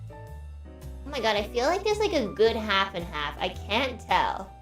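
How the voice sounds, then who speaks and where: A woman's voice: mid-range voice, measured pace. A young woman streamer in casual chat, telling stories animatedly and swearing freely. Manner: animated storytelling, swears, acts out quotes. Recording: roomy echo, faint music.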